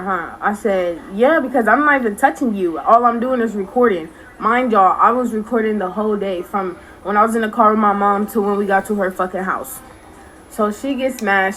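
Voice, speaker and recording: A woman's voice: mid-range voice, a little hiss or hum, rough recording. Blunt, profane young woman telling a story. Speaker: storytime creator. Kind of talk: casual storytime to camera.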